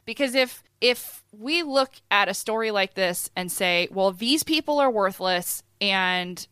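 A woman's voice: mid-range voice, animated, measured pace, pushed and bright, clear, resonant tone, no room sound, clean studio sound. A woman hosting a podcast, chatting casually with jokes and frank swearing. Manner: joking, candid, swears freely. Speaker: podcast host.

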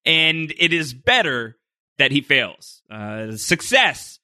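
A man co-hosting a podcast in casual chat, opinionated and animated, often restarting his sentences. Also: a little high, slow pace, no echo, clean studio sound. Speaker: podcast co-host.

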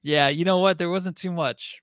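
Male co-host, voice sits a bit high, dry close mic, easygoing and quick to laugh, salty language. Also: steady tone, a bit bright, no echo. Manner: laid-back, laughing, swearing. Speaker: podcast co-host. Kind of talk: casual sports podcast chat.

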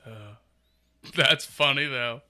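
A man's voice: medium pitch, takes it slowly, bright, forceful tone. A man co-hosting a casual podcast chat, reacting to stories with jokes and playful questions. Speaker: podcast co-host.

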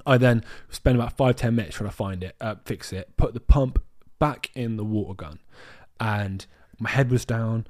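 A man from the UK co-hosting a podcast, telling a travel story in a rambling, animated way with lots of restarts. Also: lowish voice, normal speed, few pauses. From United Kingdom. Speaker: podcast co-host. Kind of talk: casual storytelling chat.

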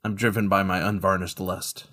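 A man's voice: deep voice, flat delivery, normal speed, pushed and bright. A man player in a tabletop role-play, describing his character's moves playfully.

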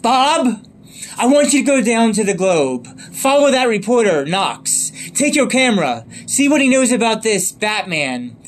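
A man's voice: sits high, slight background noise, heavily acted. Man imitating a cackling showboat clown villain. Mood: gleeful. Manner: showy, mocking, sing-song delivery. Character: grinning madcap male clown villain, theatrical.

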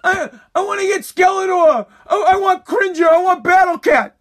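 A man voicing a whiny little boy who loudly begs for toys. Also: very high voice, normal speed, pitched above the performer's own voice. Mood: whining. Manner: loud pleading whine.

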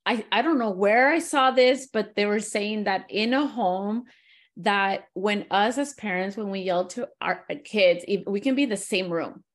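Bilingual woman chatting in a lively way. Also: mid-range voice. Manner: switches between English and Spanish mid-sentence; animated, laughs often. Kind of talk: casual conversation.

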